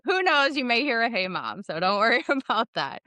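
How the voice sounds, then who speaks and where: A woman's voice: a little high, very animated, a little fast, bright, forceful tone, no echo. A woman in her thirties hosting a podcast, asking questions in a sympathetic, affirming way. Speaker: podcast host. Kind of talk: interviewing.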